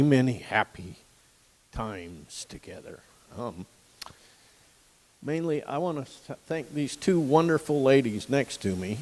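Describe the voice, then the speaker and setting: An older man, a guide dog client, giving an emotional, folksy graduation speech with pauses and throat-clearing. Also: mid-range voice, darkish tone, big-room sound, poor audio. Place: outdoor campus stage with audience.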